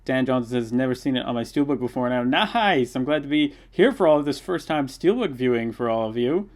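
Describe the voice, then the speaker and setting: A man's voice: mid-range voice, fairly quick. Young male streamer, eager fan energy, reads chat aloud, ordinary mid-range voice. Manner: reads viewer comments aloud, excitable fan. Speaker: livestream host. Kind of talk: casual live watch-along chat.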